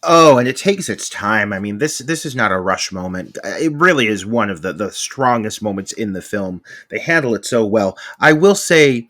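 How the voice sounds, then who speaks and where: A man co-hosting a podcast, reacting to a film with expressive, profane, campy commentary. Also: fairly low pitch, normal speed, hardly any pauses, dry recording, studio quality. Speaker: podcast co-host. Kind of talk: casual chat reviewing a film.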